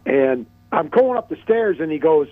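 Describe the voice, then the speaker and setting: A man's voice: fairly high pitch, sing-song, moderate pace. Man reminiscing over a tinny phone line. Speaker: caller. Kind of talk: casual phone-in chat.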